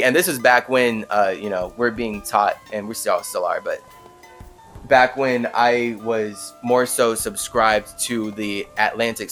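A man's voice: medium pitch, a bit bright. A man hosting a podcast, telling a story in a rambling, casual way full of "like" fillers. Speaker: podcast host.

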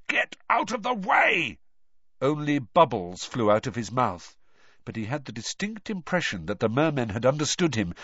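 Male audiobook narrator, animated pitch, dull lo-fi dry recording. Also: dry recording. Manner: expressive storytelling with shifting intensity.

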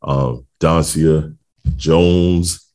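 A middle-aged man with a very deep, low voice co-hosts a podcast. He talks in a loose, rambling way, full of "um"s and "you know"s, and he laughs easily. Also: steady tone, very slow, a little mellow. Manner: laid-back, rambling with many fillers and laughs. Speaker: podcast co-host. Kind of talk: casual chat.

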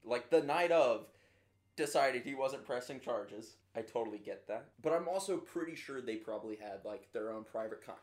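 A man in casual chat, animated and laughing as he talks. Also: medium pitch, moderate pace. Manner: animated, laughing, quotes people in put-on voices. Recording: echoey room.

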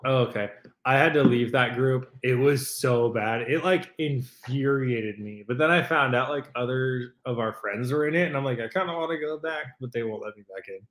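A man co-hosts a podcast in casual chat, telling stories animatedly and swearing freely. His voice is medium-pitched at normal speed, with a roomy sound.

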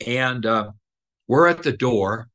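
Man, slow unhurried delivery, mid-pitched voice, earnest emotional storytelling, halting with fillers and restarts. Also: animated, fairly bright tone. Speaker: podcast guest. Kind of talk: personal storytelling.

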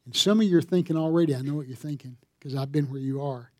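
A pastor preaching a sermon, telling a story and building to emphatic appeals. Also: male voice, a little high, quick pace, hardly any pauses, dry recording, clean studio sound.

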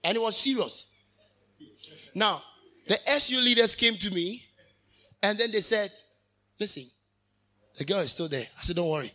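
High bright-voiced preacher. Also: male voice, animated, moderate pace, pauses often. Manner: fervent preaching with sudden loud rises and asides. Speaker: minister. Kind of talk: sermon.

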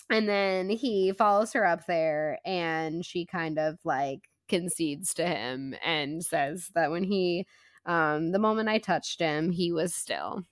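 A woman's voice: mid-range voice, measured pace, bright, forceful tone, no echo, studio quality. A woman co-hosting a podcast, retelling a book's chapters in a chatty, giggly way with many fillers. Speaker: podcast co-host. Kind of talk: casual book-club chat.

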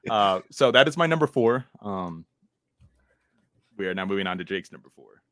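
A man with a fairly low voice co-hosts a laid-back podcast, chuckling often and swearing freely as he talks. His voice sits close to the mic in a dry, dead-sounding space. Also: lively intonation, normal speed, a bit bright, no room sound. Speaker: podcast co-host. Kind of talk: casual podcast chat.

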